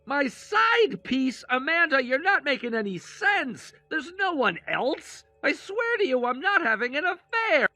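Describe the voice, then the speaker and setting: A man as a defensive husband in a text story, bright high voice that jumps around. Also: big pitch swings, unhurried, hardly any pauses, no room sound, faint music behind, full character voice. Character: defensive husband denying an affair. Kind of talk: text-message story read aloud.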